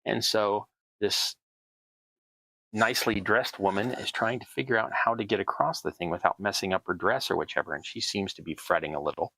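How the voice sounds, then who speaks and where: Southern guy in middle age, rambling and self-deprecating while he crafts, dry close sound, lots of fry. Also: lowish voice, fairly quick, sharp tone, no echo, rough recording. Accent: Southern American. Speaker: host, terrain crafter. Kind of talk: casual hobby crafting tutorial.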